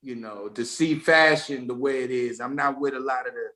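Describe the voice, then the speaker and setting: A man's voice: medium pitch, fairly even intonation, moderate pace, bright, forceful tone. A man from DC, telling stories as a guest in a laid-back, rambling podcast conversation. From Washington DC. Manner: laid-back, rambling storytelling with frequent restarts. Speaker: guest rapper.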